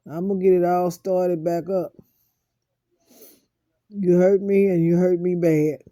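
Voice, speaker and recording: Woman vlogger, emotional monologue, aggrieved and repetitive, dark warm voice, dead-dry sound. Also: lowish voice, fairly even intonation, no echo. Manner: aggrieved, repeats phrases over and over; slow, heavy pauses.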